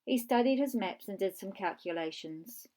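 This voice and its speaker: A woman narrating a children's storybook in a clear, measured way with dramatic pauses. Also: mid-range voice, animated, mellow.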